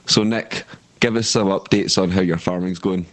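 A man's voice: low voice, fairly even intonation, moderate pace. A man hosting a podcast, chatting in an easygoing way with frequent fillers. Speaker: podcast host. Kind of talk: casual chat.

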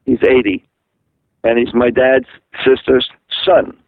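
A man's voice: mid-range voice, little pitch movement, no room sound. Older man telling a story over the phone. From Massachusetts. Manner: halting, repeats words and restarts. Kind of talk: rambling personal storytelling. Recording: tinny phone line on radio.

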